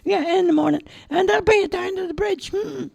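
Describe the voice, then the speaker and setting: A tiny, talkative mouse from a storybook, chattering in a very high squeak and stumbling over his words. He fills the gaps with uhs but stays eager to help. The sound is dry and close. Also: fairly quick, creaky, no room sound, full character voice. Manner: squeaky, hesitant with many uhs. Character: chatty helpful little male mouse. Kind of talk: storybook reading.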